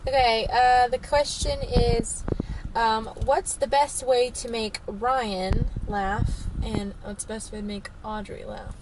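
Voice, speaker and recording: A chatty wife with a fairly high voice reads out viewer questions on a road trip and laughs easily between answers. She is recorded on a phone inside a car, and loud road noise sits under her voice. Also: fairly even intonation, slow, far from the mic. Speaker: vlogger, wife. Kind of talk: reading viewer questions in casual chat.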